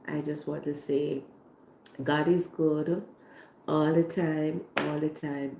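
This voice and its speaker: A Jamaican woman who hosts a cooking channel, hoarse while getting over an illness, talking casually on a livestream and repeating her phrases with heartfelt faith. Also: deep voice, echoey room, background noise. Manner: repetitive, heartfelt, faith-filled.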